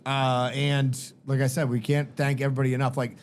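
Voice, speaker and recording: A man's voice: medium pitch, level tone, a little fast. Podcast guest guy, crude jokey storyteller, mid voice, slight hiss. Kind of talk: casual chat.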